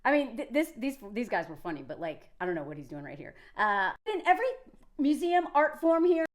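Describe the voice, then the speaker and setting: A woman's voice: on the high side, very animated, a little fast. A woman in her forties from the South, giving chatty, emphatic commentary that wanders between points. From Southern United States. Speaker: video creator. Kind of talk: casual talking-head commentary.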